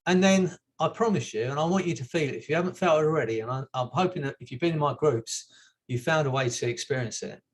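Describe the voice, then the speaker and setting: Gentle chatty man, higher voice. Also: fast. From England. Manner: gentle, chatty, laughs softly. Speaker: hypnotherapist. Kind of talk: relaxed group therapy talk.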